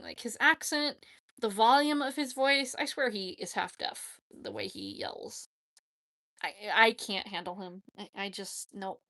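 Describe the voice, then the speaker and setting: Woman rambling on a live stream, kinda high voice, says like a lot. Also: bright, forceful tone. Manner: chatty, rambling, emphatic with frequent "like, seriously". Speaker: YouTube streamer answering chat. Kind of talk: casual live chat.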